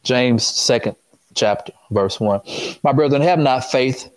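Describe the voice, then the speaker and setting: A man delivering a sermon at a middle pitch, casual and conversational. He keeps firing questions at his listeners and repeats lines for emphasis. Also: a little slow, rough recording. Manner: calls out questions and repeats phrases. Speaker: preacher.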